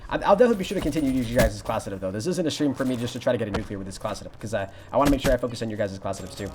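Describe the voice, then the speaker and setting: A young man commentating his live game stream, greeting viewers and answering chat in an excitable, casual way. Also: mid-range voice, racing, background noise. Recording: music playing behind.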